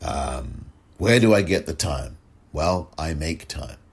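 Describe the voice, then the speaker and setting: Deep, slow, husky male podcast host. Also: animated. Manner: chatty, effusive, repeats thanks. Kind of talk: solo political podcast monologue.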